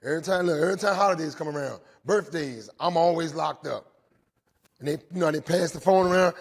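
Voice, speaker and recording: A man's voice: fairly high pitch, a little fast, long pauses. A middle-aged man giving an earnest recovery testimony to inmates at a jail, tagging almost every sentence with "right?" and repeating his phrases as he tells his story. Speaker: recovery speaker. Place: speaking live to inmates inside a jail.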